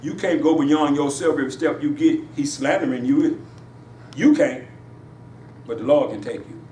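A man preaching a sermon in a church, with emphatic call-and-response delivery that rises in pitch on his punchlines. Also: normal speed, mellow, far from the mic. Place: church sanctuary. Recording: echoey church room, voice from afar, faint hiss.

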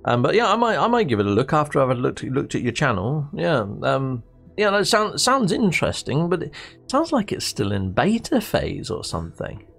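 A man's voice: fairly high pitch, huge pitch swings, normal speed, creaky, a bit bright, soft background music, exaggerated voice. A man voicing a skeptical interviewer who asks dry, doubtful questions. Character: skeptical male interviewer quizzing a gamer.

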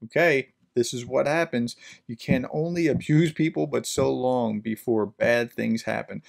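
Male professor host, chatty lecturer with a gravelly tone, mid pitch. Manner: conversational, explanatory asides with fillers. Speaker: management professor and podcast host. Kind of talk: reading a children's book with commentary.

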